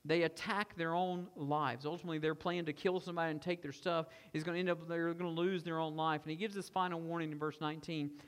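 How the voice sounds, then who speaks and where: A man preaching a sermon as pastor, animated, acting out a tempter's coaxing and a father's pleading. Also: a little high, fast talker, clean tone, in a large hall.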